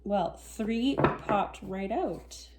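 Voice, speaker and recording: A woman giving a casual tarot reading to camera, soft-spoken and reflective, a little teary and sniffling. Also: medium pitch, extremely slow, very noisy. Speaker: tarot reader.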